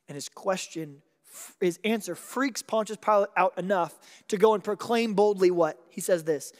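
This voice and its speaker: A man preaching a sermon as pastor, swinging between hushed asides and loud, emphatic declarations. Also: high voice, moderate pace, long reverb tail. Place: large church hall.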